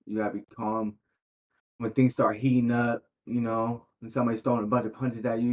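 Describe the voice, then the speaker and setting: A professional boxer talking as a podcast guest in a laid-back, slangy way, full of fillers. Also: male voice, fairly low pitch. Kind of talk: casual interview chat. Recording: tinny phone-like sound.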